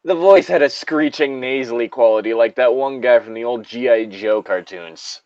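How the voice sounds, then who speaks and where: A man's voice: mid-range voice, moderate pace, darkish tone, no room sound. A man co-hosting a podcast, chatting casually and reading a creepypasta aloud, swearing freely, laughing often and drifting into asides. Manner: profane, laughs a lot, rambling asides. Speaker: podcast co-host. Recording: slightly dull lo-fi sound.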